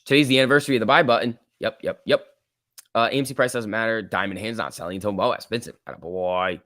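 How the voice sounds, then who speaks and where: A man's voice: fairly low pitch, quick pace, fairly bright tone, no echo, studio quality. A man hosting a casual stock-market livestream, reading viewer comments and ranting bluntly with frequent filler words.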